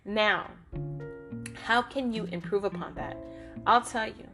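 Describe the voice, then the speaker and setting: A woman's voice: mid-range voice, expressive, unhurried, bright, forceful tone. Earnest motivational woman over guitar music. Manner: earnest, direct, addresses listeners as "you"; talks with lots of "okay?" and "right?" check-ins. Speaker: motivational speaker. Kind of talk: casual motivational monologue. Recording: guitar music playing behind the voice.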